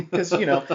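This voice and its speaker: A man's voice: sits high, highs cut off. A man co-hosting a casual movie podcast, rambling and riffing sarcastically. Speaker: podcast co-host.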